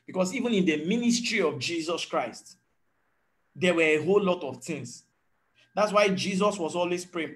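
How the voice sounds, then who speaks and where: A man's voice: high voice, animated, moderate pace, fairly bright tone. A man, preaching a sermon as a pastor in an earnest teaching tone and acting out voices of people he quotes. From Nigeria.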